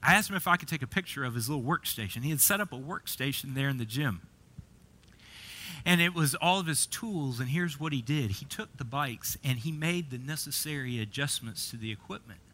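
A man's voice: medium pitch, expressive, fairly quick, pushed and bright. A middle-aged man preaching a sermon as pastor, telling a story and often repeating and restarting words.

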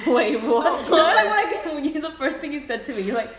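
A young woman in casual chat with friends, reacting excitably with gasps and jokes. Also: sits high, fairly quick, roomy sound, over a noisy crowd. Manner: excitable, gasping and joking reactions.

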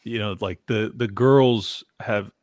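A man hosting a casual podcast, talking in a slow, drawling, mocking way. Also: fairly low pitch, steady tone, a little mellow, no echo, studio quality. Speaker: podcast host.

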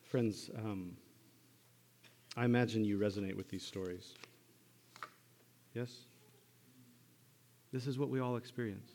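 A male pastor preaches in a loose, conversational way, now and then lifting his voice to act out the people in his story. His voice sits fairly low. The church hall around him rings with a long reverb. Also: a little slow, long pauses, a little hiss or hum. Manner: conversational and animated, acting out voices of the disciples. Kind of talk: sermon.

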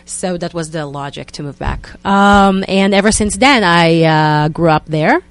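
A woman's voice: on the low side, a little slow, clear, resonant tone, no echo. A woman in her thirties with an Israeli accent, a radio show guest explaining her background earnestly, with frequent hesitations. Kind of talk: radio interview.

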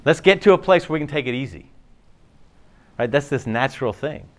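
A pastor delivers a sermon in a conversational, animated manner, frequently restarting his sentences. His voice is mid-range and a little fast.

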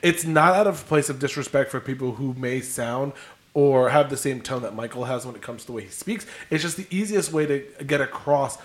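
A man's voice: mid-range voice, brisk. A young man with a mid-range voice co-hosts a casual podcast. He talks conversationally and takes time to explain his points. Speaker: podcast co-host. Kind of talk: casual chat.

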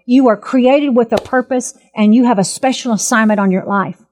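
A woman in her fifties, a minister, telling her testimony in an earnest, emphatic and animated way. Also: a little high, normal speed. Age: 50s. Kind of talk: personal testimony talk.

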